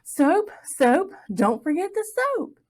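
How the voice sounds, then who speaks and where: A woman's voice: sits high, measured pace, voice pushed up. A woman doing a chanting forgetful country boy. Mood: excited. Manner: singsong chanting, excited shouting. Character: forgetful young country boy, earnest and eager.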